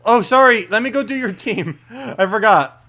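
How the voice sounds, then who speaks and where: A man casually commentating his live game stream, chatty and quick to laugh, with faint game music behind. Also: sits high, sharp tone.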